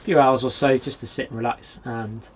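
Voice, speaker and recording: A man from Britain vlogging from a small wood cabin with a stove, chatting in a relaxed way and talking straight to his viewers. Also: medium pitch, normal speed, noisy background. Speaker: outdoors vlogger. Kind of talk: casual vlog to camera.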